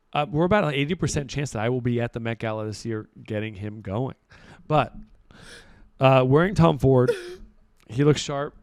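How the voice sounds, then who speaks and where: A young man with a smooth, mid-range voice and no echo co-hosts a podcast and works as a celebrity stylist. In casual chat he talks about styling clients, laid-back and rambling with lots of fillers.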